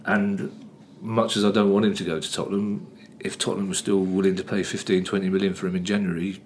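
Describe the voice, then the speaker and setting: A man's voice: low voice, level tone, quick pace, slight background noise. A man co-hosting a football podcast, talking casually with opinionated, teasing remarks and frequent restarts. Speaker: podcast co-host.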